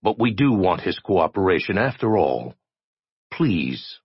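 A man's voice: low voice, very animated, a little slow, slightly rough, no room sound, muffled recording, heavily acted. A man voicing a refined, calculating joker leader who speaks formally and wearily. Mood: polite. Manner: formal, weary, polite.

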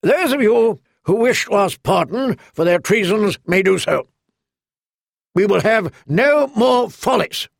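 Guy doing a cold stern lord, strong clear voice, raised pitch, dry sound. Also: expressive, measured pace, no echo, exaggerated voice. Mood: commanding. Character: stern, powerful older lord.

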